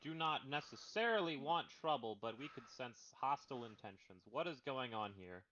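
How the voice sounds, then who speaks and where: A man's voice: mid-range voice, expressive, moderate pace, pushed and bright. A man speaking in character as a wary adventurer questioning a captive, in a level, diplomatic way. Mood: cautious. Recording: muffled noisy mic.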